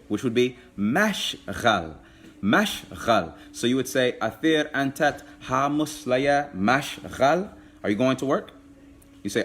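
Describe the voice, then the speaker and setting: A man teaching a live online language class, patiently repeating phrases slowly. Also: mid-range voice, slight background noise.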